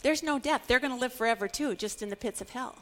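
A woman's voice: fairly high pitch, fast, fairly bright tone. A middle-aged woman teaching a Bible study, earnest and building to emphatic declarations.

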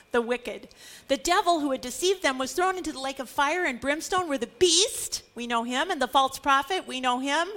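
A woman's voice: high voice, pushed and bright. A middle-aged woman teaching a Bible study, earnest and building to emphatic declarations.

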